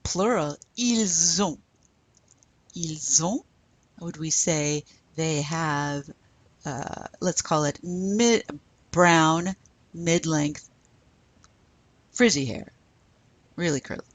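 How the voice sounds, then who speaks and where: A woman's voice: low-pitched, extremely slow, long pauses, dry recording. A woman teaching a French lesson, patiently asking questions and then modeling the answers. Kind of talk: recorded classroom lesson.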